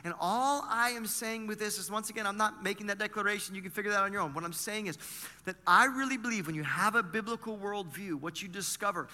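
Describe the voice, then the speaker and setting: A male pastor delivers a sermon in a high, very bright, forceful voice. He preaches conversationally, throwing rhetorical questions at his listeners. His voice rings with the long reverb of a large church hall. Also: fast talker.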